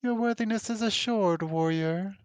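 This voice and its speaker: Man voicing a slow, lofty crystal creature. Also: high voice, smooth, no echo, pitched above the performer's own voice, natural voice. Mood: solemn. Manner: slow, measured, lofty pronouncements. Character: serene all-knowing crystal creature, calm and grand.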